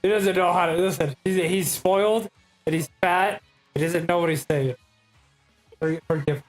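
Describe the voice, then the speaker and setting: A man playing a tabletop game, talking in character in an excitable, stammering, jokey way. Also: high voice, moderate pace, faint music behind. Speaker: player. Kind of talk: in-character tabletop role-play.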